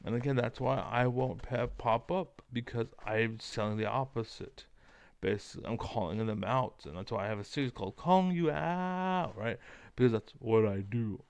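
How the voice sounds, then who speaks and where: A man's voice: mid-range voice, normal speed, creaky, clear, resonant tone, dry recording. A man delivering a profane, rambling, combative rant to the camera as an online commentator. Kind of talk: ranting monologue to camera.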